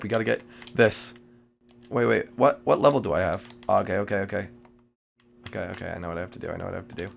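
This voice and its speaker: Man, live gaming commentary, jittery, excitable, repeats himself, heavy vocal fry. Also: mid-range voice. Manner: jittery and excitable, repeating phrases, with sudden loud outbursts. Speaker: gamer playing a multiplayer survival match.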